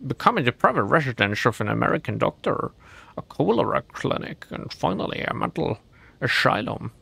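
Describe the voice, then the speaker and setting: A man's voice: mid-range voice, very animated, a little fast, gravelly, pushed and bright, breathy edge, no echo, full character voice. A man putting on a mock Scottish reader. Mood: solemn. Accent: put-on Scottish. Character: mock Scottish gentleman reading a grim house history.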